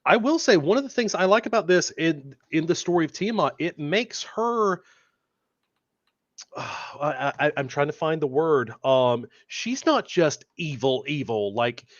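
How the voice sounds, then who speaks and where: A man with a lively, fairly high voice chats playfully on a podcast, pausing to hunt for the right word. His recording sounds dull and dry. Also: no room sound. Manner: searching for words, playful. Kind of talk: casual podcast chat.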